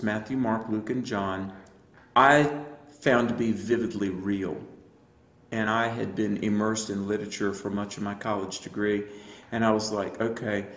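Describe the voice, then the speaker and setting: A lower-voiced man with a gravelly edge tells his faith story earnestly, pausing often with fillers. His voice sits in a roomy studio space. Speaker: evangelist and apologist guest. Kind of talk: personal testimony in a radio interview.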